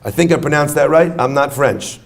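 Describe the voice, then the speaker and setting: A man's voice: fairly high pitch, fairly quick. A man giving an inspirational talk to an audience, telling stories and joking with the crowd. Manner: animated storyteller, jokes with the crowd. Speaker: speaker at a retreat.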